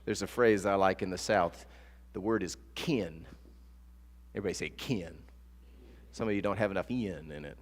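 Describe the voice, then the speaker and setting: A man preaching a sermon as pastor, telling stories with lively acted-out quotes. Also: low voice, fairly quick, hardly any pauses. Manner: animated storytelling with acted-out quotes. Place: church sanctuary. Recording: long church reverb with soft guitar.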